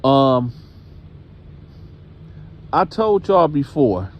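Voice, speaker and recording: A man casually telling a story, animated and conversational, speaking directly to his audience. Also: mid-range voice, very slow, highs cut off. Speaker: storyteller host.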